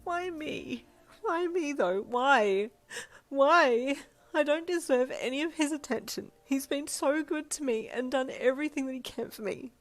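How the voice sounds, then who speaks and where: A woman's voice: lowish voice, animated, fast, few pauses. A woman reading a second-person fanfiction audiobook, voicing a downcast young woman who mumbles her lines. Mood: wailing. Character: weary, morose young woman, the listener.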